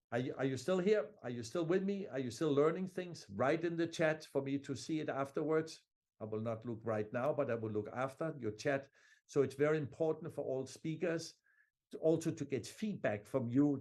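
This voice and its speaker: Man giving an energetic sales training talk. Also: medium pitch. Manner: energetic, calm emphatic pauses, addresses viewers directly. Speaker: conference speaker.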